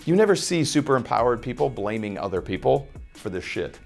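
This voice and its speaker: A man's voice: medium pitch, very animated, fairly quick, creaky, faint music behind. A man talking as a life coach on a podcast, blunt and profane, acting out little scenes as he makes his points. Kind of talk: motivational podcast talk.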